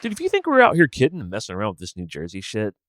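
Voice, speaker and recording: A man's voice: fairly low pitch, wildly swooping pitch, very fast, a bit bright. A man hosting a podcast on his own, chatting casually and animatedly in a slangy, joking way. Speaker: podcast host. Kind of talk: casual solo podcast chat.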